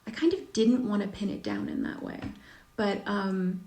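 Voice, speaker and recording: A woman's voice: medium pitch, animated, moderate pace, dark tone. A woman talking casually on a live stream, answering reader questions with lots of fillers and a self-deprecating tone. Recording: echoey room.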